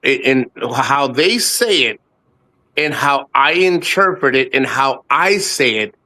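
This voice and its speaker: A man's voice: medium pitch, animated, takes it slowly, bright, forceful tone. A man in his fifties from the United States, a guest on a casual live chat, talks in a rambling, profane way and often repeats himself. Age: 50s.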